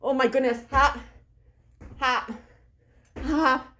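A woman librarian leading children on a story walk along an outdoor park trail, playful and animated, acting out sounds as she walks. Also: sits high, slow. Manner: animated, playful, talks to kids; acts out sounds and character lines. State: walking outdoors while talking. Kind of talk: guided story walk for kids.

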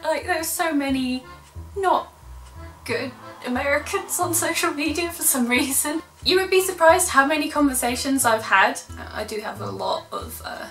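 A woman's voice: high voice, animated, moderate pace, fairly bright tone. A young woman from Russia talking casually to camera, chatty and sarcastic, laughing often. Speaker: vlogger. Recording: echoey room from a distance, music behind.

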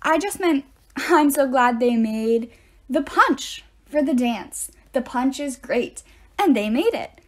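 A woman's voice: high voice, animated, slow pace, full character voice. A woman reading aloud, voicing a nervous teenage boy who is out of breath and stammers in a flustered way.

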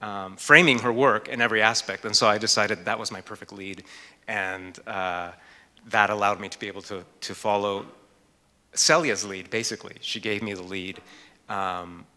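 Man on a museum panel, lowish voice, bright tone, thoughtful and full of pauses. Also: steady tone. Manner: thoughtful, hesitant with frequent fillers. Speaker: author and art historian. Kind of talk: panel discussion. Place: lecture hall. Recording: reverberant hall.

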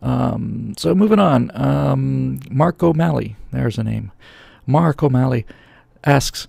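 A middle-aged man with a heavily gravelly, husky voice rants close to a studio mic. He sounds sarcastic and opinionated, and the sound is dry and close, with no room echo. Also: mid-range voice, animated, slow pace, a little mellow. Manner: sarcastic, ranting, jumps into mocking voices. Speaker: host answering viewer questions. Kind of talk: opinionated political monologue. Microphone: studio microphone, close.

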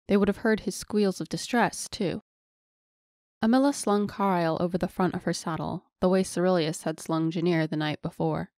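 Low-voiced woman narrating a fantasy. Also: darkish tone, dry recording, studio quality. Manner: measured storytelling. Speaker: audiobook narrator.

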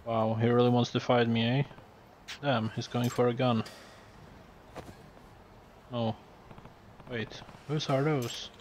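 A man giving relaxed, muttered running commentary while playing a video game. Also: medium pitch, slow, pauses often, slight background noise. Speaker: gamer.

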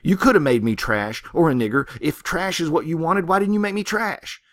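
A man's voice: on the low side, animated, normal speed, a bit bright. A man voicing a proud middle-aged farm woman who rails indignantly at heaven. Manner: railing, indignant.

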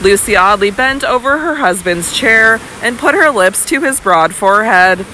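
A woman's voice: mid-range voice, animated, moderate pace, bright, forceful tone, slight background noise, rough recording. Woman narrating a classic novel. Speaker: audiobook narrator. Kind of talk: scripted narration.

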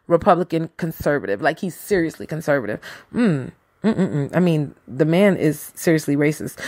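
A woman's voice: mid-range voice, a bit bright. A woman hosting a casual news and politics show, talking straight to her listeners with sassy, slangy asides. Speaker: podcast host.

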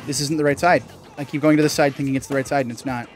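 A young man, a gaming channel host, giving casual gameplay commentary, chatty and excitable, swearing mildly and yelping when things go wrong. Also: very fast. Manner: excitable, bursts into high yelps and laughs at mistakes. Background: faint game music.

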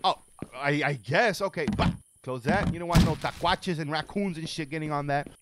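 A young man giving let's-play commentary on a game, excitable and profane, yelling and joking as he plays. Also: fairly high pitch, normal speed, heavy background noise. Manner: excitable, profane, yells and jokes. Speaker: gaming video creator. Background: game music.

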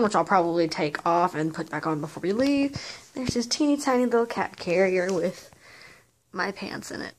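A woman's voice: on the low side, slight background noise. A woman chatting casually in a vlog, cooing baby talk at her cat, first from a car and then at home. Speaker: pet owner vlogger.

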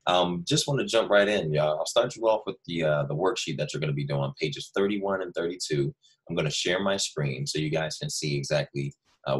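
A man teaching a first grade class in a recorded online lesson, speaking slowly and warmly to young children and reading example sentences aloud with lively stress. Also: very deep voice, husky. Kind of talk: recorded remote homework lesson with screen share.

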